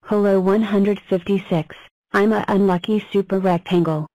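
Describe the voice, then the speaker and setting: A woman voicing a cheerful talking number block in a cartoon, introducing itself in a flat, even way. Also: medium pitch, moderate pace, no room sound, natural voice, low-quality recording. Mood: plain.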